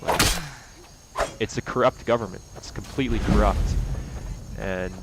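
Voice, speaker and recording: A young man in an angry, profane vlog rant, swinging between loud outbursts and low mutters. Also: normal speed, very noisy. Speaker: vlogger. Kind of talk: angry personal rant to camera.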